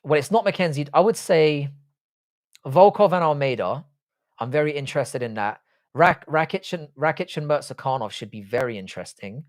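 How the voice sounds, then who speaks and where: A man's voice: fairly high pitch, animated, normal speed. A young British man from England hosting a livestream, reading out viewer comments in casual, blunt, sweary banter. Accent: British English. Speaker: livestream host.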